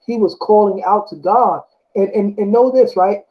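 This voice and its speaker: A man's voice: sits high, unhurried. Rambling man with a dull lo-fi sound. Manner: rambling, self-correcting, often asks "you know what I'm saying?". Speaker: speaker discussing scripture. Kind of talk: casual religious talk, reading verses aloud. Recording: dull lo-fi recording.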